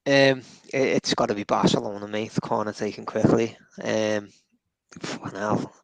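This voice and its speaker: A man's voice: lowish voice, fairly even intonation, moderate pace, vocal fry, no echo, rough recording. A man chatting as a podcast guest, casual and sweary, calling people mate. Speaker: panel guest. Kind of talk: casual football podcast chat.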